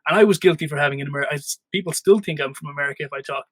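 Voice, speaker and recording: A man from Dublin with an Irish accent, hosting a podcast in casual chat and chiming in quickly with laughs. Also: on the high side, a bit bright, no room sound. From Dublin, Ireland. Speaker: podcast host.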